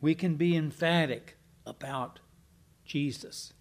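Slow, emphatic male preacher. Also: fairly high pitch, darkish tone. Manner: emphatic, with slow deliberate stresses and spoken fillers. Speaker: pastor. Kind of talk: sermon.

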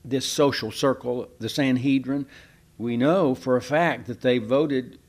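A man's voice: mid-range voice, a little slow. A pastor delivers a sermon in a homey, easygoing manner. His voice sits in an ordinary middle male range, and he keeps turning to the congregation with questions. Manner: folksy, conversational preaching with rhetorical questions.

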